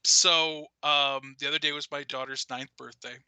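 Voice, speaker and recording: A man's voice: fairly high pitch, fairly even intonation, moderate pace, bright, forceful tone, smooth, no room sound. A man in his thirties co-hosting a casual geeky stream, chatty and rambling, laughing often as he talks. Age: 30s. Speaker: podcast co-host. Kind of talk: casual chat.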